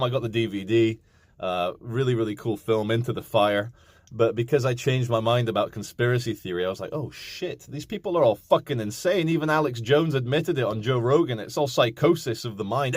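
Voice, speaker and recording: A man's voice: mid-range voice, no echo. A man in his thirties rants casually to his camera, swearing and slipping into mocking impressions. His voice sits in a middle register. The sound is close and completely dry. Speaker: vlogger.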